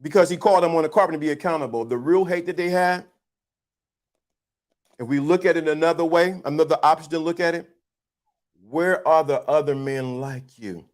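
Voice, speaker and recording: Guy with a high voice preaching his hot takes to the chat, blunt and teasing. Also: a little fast, long pauses. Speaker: livestream host. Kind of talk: casual opinion rant to a live chat.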